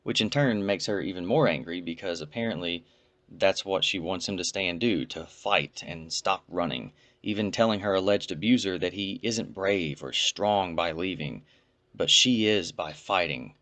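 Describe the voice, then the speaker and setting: A man with a lowish voice comments on a played clip. He is pointed and emphatic, stressing his key words. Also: moderate pace, fairly bright tone.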